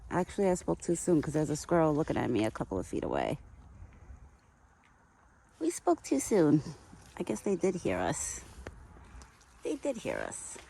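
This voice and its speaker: A woman's voice: sits low, huge pitch swings, brisk, creaky, dark tone, breathy edge. A woman vlogging outdoors while feeding her pet deer, chatty, cooing to it in baby talk now and then. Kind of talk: casual outdoor vlog. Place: outdoors in a wooded yard.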